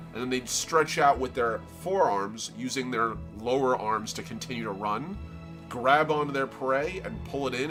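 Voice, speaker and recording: A man with a Floridian accent, chatting casually and rambling as he explains his drawing on a live stream. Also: medium pitch. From Florida, United States. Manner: rambling, self-interrupting, explains as he draws.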